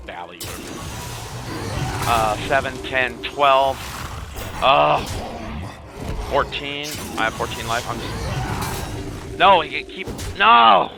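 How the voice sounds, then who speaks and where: A man streaming, telling a story in a rambling, halting way with lots of swearing while he plays a game. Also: medium pitch, vocal fry. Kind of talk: casual storytelling while gaming.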